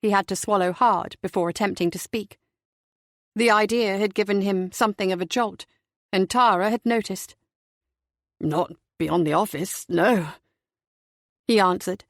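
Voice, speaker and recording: A woman narrating a detective novel in a measured, even storytelling voice, close and dry. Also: medium pitch, no room sound. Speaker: audiobook narrator. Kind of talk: scripted narration.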